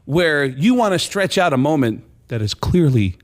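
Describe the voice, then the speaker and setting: A man who is a comedian, telling a story as a radio show guest, getting loud and laughing as he gets excited. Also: on the high side, normal speed. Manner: animated, shouting and laughing when excited. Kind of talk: casual radio chat, storytelling.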